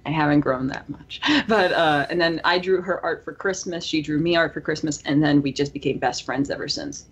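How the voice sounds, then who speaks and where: A young woman in her early twenties with a hoarse, strained voice, co-hosting a podcast and telling a long, rambling story with lots of fillers. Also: low-pitched, a little fast. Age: early 20s. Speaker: podcast co-host. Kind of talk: casual podcast chat.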